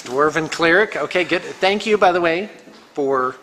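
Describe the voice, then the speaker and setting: A man's voice: a little high, normal speed, a bit bright, slight background noise. A man hosting a tabletop game as game master, chatty and upbeat with many fillers. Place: room around a gaming table. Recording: reverberant room.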